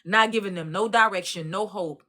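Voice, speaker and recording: Texas woman host, bright voice, lively colloquial storytelling, commentary. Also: medium pitch, normal speed. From Dallas, Texas. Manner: animated storytelling, Southern colloquial speech. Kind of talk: casual spoken commentary.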